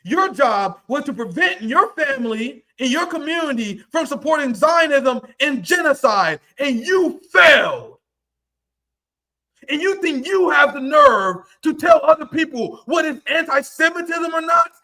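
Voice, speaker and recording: A man rants on his livestream in a very high, piercing voice. He is angry and profane and keeps tipping into shouts. His tone stays sharp and tense throughout. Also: lively intonation, moderate pace, hardly any pauses. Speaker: livestream host. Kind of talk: heated livestream rant.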